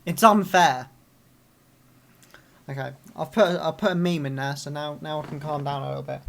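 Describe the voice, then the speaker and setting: A man's voice: fairly high pitch, very animated, moderate pace, creaky, fairly bright tone. Angry man ranting. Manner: angry ranting with frequent swearing and outbursts. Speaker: reaction video host. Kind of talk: live reaction vlog.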